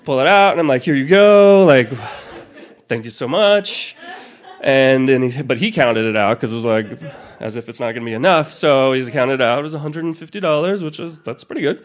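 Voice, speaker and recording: A man's voice: medium pitch, quick pace. A man telling a personal story live, rambling and self-deprecating, with many restarts and asides.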